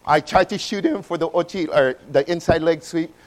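Man preaching through a personal story, slightly high voice, animated and dynamic. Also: normal speed, poor audio. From Hawaii. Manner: animated, swings from loud bursts to hushed low passages.

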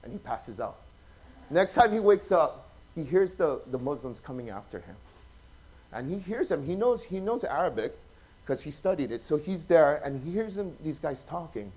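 A male preacher with a notably high voice gives a relaxed, conversational sermon. He tells stories with lively energy, acts out the people in them and keeps asking his listeners questions. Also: normal speed, slightly rough. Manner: chatty, animated, acts out quotes, asks the audience questions. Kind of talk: informal sermon storytelling.

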